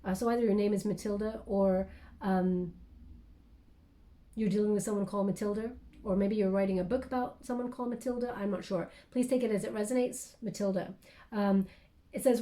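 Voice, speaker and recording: A woman's voice: medium pitch, fairly even intonation, brisk, dark tone. A woman giving a channeled tarot reading to camera, musing and hesitant, with many fillers and restarts. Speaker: tarot reader.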